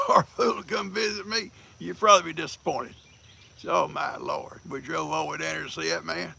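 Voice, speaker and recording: A man's voice: a little high, fairly even intonation, normal speed, gravelly, bright, forceful tone, slight background noise. An older man, hosting a casual livestream, folksy and teasing, laughing often as he greets viewers. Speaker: livestream host.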